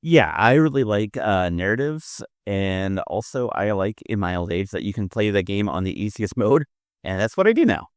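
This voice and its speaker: A man with a low, smooth voice trades deadpan jokes as a podcast co-host. He sits right on a dry close mic. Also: moderate pace, no room sound. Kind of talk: casual podcast chat.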